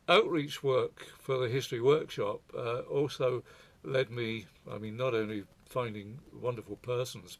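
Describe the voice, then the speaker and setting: Brief: an older male speaker presenting with a mid-pitched voice and a wry, digressive storytelling manner. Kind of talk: reflective presentation talk.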